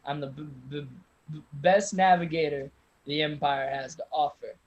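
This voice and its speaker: A man voicing a frail, elderly male ship's navigator who stutters and trips over his words, low and soft. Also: moderate pace, dull audio, lightly acted. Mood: doddering. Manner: stuttering, quavering. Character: frail stammering old male ship navigator.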